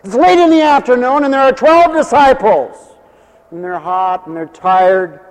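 A man preaching a sermon, telling Bible stories in an animated way and acting out the scenes. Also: extremely high pitch, measured pace, in a large hall.

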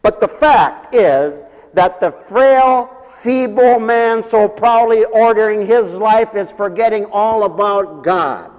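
A man preaching with a high, lively voice that carries through a hall with long reverb. He is a pastor, and he acts out the voices of the people in his stories. He laughs often as he preaches. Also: slow. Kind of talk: lively sermon.

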